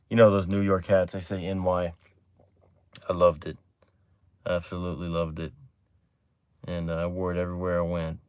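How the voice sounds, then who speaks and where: Low-voiced Texan man, livestream host, smooth tone, dry close mic, loose chatty delivery that perks up now and then. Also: no room sound. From Texas. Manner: relaxed, chatty, drifting from low mumbles to excited bursts. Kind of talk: casual livestream chat reading comments.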